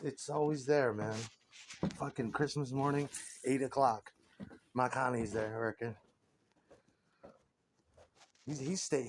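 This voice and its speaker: Guy in his 40s rambling crude stories, keeps laughing, faint hiss behind. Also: medium pitch. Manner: crude, rambling, laughs often, repeats words. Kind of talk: rambling comic monologue.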